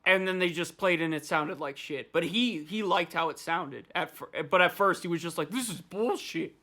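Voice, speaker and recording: Bright-voiced, profane ranting man. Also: a little high, normal speed. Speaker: podcast host. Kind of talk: casual chat.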